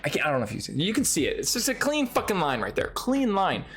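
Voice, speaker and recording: A man's voice: sits high, fast, breathy edge, soft background music. A young man telling a wild story straight to the camera, swearing freely and getting worked up as he goes. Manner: profane, excitable, lively storytelling. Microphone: speaking to a camera.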